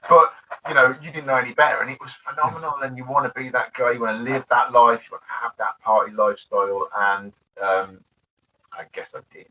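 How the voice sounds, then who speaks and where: Fast and fairly even in intonation, the mid-range voice of this British ex-bartender sounds pushed and bright. The interview audio is distant, dull and lo-fi with a little hiss or hum, and he's chatty, laughs often, and restarts frequently.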